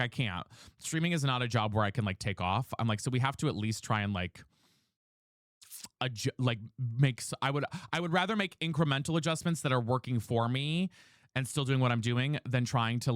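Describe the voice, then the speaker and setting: A young man chatting on a live stream, rambling through a story and quoting what others told him. His voice sits at a middle pitch and the sound is close and dry, with no room around it. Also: fairly bright tone, no room sound. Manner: rambling, retells others' words with "she's like". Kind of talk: casual chat while gaming.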